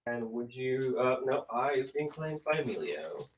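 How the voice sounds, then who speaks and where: A man's voice: medium pitch, big pitch swings, moderate pace. A man co-hosting a live comic sale, calling out claims in a laid-back, easygoing way. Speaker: co-host tracking claims. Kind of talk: casual chat. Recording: distant mic, faint noise.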